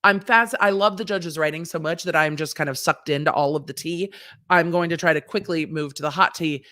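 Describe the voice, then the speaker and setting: A woman's voice: low-pitched, fairly quick, dry recording, clean studio sound. A woman lawyer hosting a casual legal commentary, reading court papers and acting out the judge's lines with sass. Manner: animated, sassy, acts out the court's lines in quotes.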